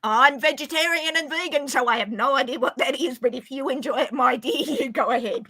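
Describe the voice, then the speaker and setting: High, bright Australian woman chatting. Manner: chatty, quick to joke and apologise. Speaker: stream guest. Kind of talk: casual chat.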